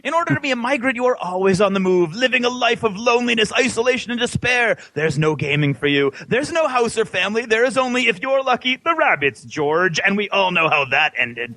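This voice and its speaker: Theatrical high-voiced male quiz host. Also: sing-song, a little fast, few pauses, sharp tone, no room sound, rough recording. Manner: theatrical, booming mock-scolding announcements. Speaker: podcast host running a trivia quiz. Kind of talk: quiz host with dramatic read-out trivia.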